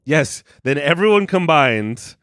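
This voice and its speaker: A man's voice: fairly high pitch, animated, slow, fairly bright tone, clean tone, dry recording, studio quality. A man in his thirties co-hosting a comedy podcast, defending himself and arguing in circles. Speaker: podcast co-host. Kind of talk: casual comedic banter. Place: home studio room.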